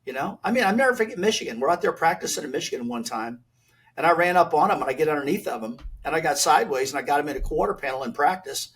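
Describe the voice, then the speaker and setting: An older man, a retired race driver, telling animated stories as a podcast guest and acting out old exchanges in a blunt, folksy way. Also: fairly high pitch, rapid-fire, slightly rough. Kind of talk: animated storytelling.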